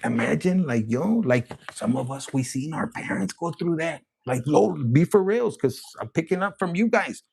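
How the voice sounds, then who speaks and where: A man giving a casual tarot reading, rambling, profane and excitable. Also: a little high, normal speed, vocal fry, hardly any pauses, slightly rough. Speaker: tarot reader.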